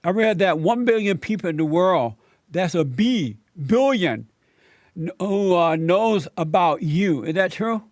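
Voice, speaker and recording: Talk show host, male, slightly high voice, easygoing and chatty, laughs a lot. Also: lively intonation, unhurried, dry recording. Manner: friendly, chatty, laughs easily. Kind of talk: casual interview.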